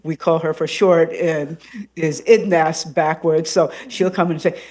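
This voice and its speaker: A radio host and podcaster, a woman, chatting as a guest in an interview, animated and rambling with plenty of ums and uhs. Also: sits low, measured pace. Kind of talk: casual interview chat.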